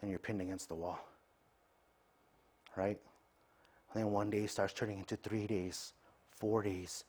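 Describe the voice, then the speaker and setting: A man with a somewhat low voice delivers a casual, conversational sermon. He keeps tagging his points with a quick "right?" and now and then slips into acting out everyday conversations. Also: fairly even intonation, a little mellow. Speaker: preacher.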